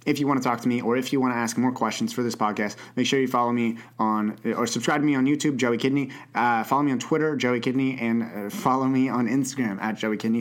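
A young man hosts a casual advice podcast, answering listener questions. He hesitates often, repeats his words and restarts his sentences. His voice sits at an ordinary, mid-range pitch for a man. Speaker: podcast host.

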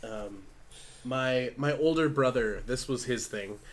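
A man's voice: mid-range voice, slow, a little hiss or hum. A man in his thirties co-hosting a podcast, a few drinks in and talking loosely. He swears freely and fills his sentences with ums and asides. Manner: loose and profane, rambling with fillers. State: slightly tipsy. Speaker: podcast co-host. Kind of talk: casual chat.

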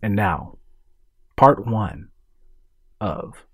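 Male podcast narrator, measured storytelling, dry close mic, faint music behind. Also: low-pitched, slightly rough, dry recording. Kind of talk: scripted narration.

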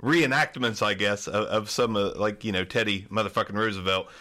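Podcast cohost guy, lowish voice but bright and punchy, chill and into it. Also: steady tone, a little fast. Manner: laid-back, enthusiastic, swears casually. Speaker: podcast co-host. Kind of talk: casual podcast conversation.

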